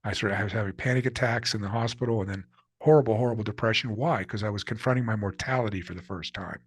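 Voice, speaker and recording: A man's voice: on the low side, fast, slightly rough. An older man, an author being interviewed, telling personal stories in an earnest, candid way and acting out the people he quotes. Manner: earnest, candid storyteller who acts out quotes. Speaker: author and guest. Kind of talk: reflective storytelling interview.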